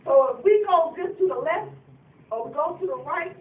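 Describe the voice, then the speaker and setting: At a family gathering in a room, a middle-aged daughter gives an anniversary speech, speaking straight to her parents and telling heartfelt, emotional family stories. Her very high-pitched voice is animated at a moderate pace, captured in a far-off, echoey phone recording with a noisy background.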